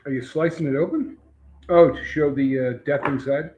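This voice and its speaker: A man co-hosting a casual livestream, tossing in wry quips and loud reactions. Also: fairly high pitch, normal speed, muffled recording, a little hiss or hum.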